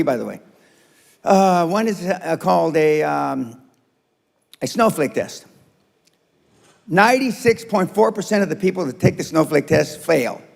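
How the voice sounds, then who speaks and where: A man's voice: a little high, vocal fry, long reverb tail. An older man giving a blunt, profane and confrontational seminar speech to a live audience. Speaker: motivational speaker. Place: seminar room.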